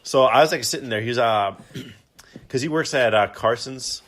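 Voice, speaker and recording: A man hosting a casual podcast, telling a story and explaining game rules in a relaxed, rambling way. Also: medium pitch, normal speed. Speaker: podcast host.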